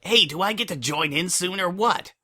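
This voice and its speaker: A man's voice: high voice, normal speed, sharp tone, voice pushed up. A man doing a brash, impatient tomboy mare.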